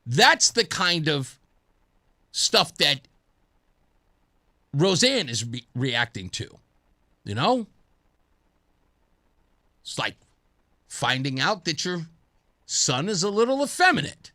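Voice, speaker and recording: Man talk host, high lively voice, jokey and animated, studio mic. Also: takes it slowly, pauses often. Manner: animated, jokey, chuckles through his points. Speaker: radio talk show host. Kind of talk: casual talk radio monologue.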